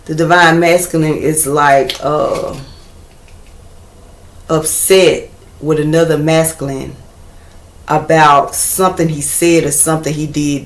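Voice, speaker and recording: A woman's voice: deep voice, roomy sound. A woman giving a casual tarot reading to her viewers, blunt and chatty, swearing freely and talking straight to them. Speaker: tarot reader.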